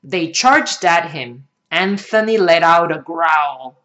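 Woman reading a storybook, slow and sing-song. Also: fairly low pitch, lively intonation, fairly bright tone, lo-fi sound. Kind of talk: reading a children's picture book aloud.

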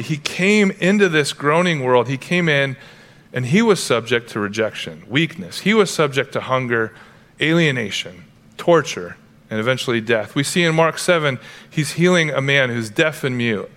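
A man's voice: on the high side, expressive, moderate pace, fairly bright tone. A male pastor preaching a sermon, earnest and emphatic, breaking into playful asides now and then.

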